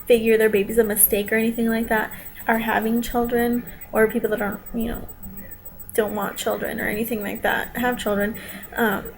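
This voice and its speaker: A woman's voice: fairly high pitch, a little hiss or hum, poor audio. Upset young woman ranting on camera. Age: young adult. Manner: upset, defensive, talking straight to viewers. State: near tears at times. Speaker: vlogger. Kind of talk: emotional vlog rant.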